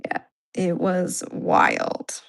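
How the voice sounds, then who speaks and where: A woman's voice: on the low side, huge pitch swings, drawn-out words, gravelly, a bit bright. A middle-aged woman co-hosting a livestream, talking casually and filling her speech with "like". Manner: chatty, peppered with "like". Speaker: livestream co-host. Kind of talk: casual chat.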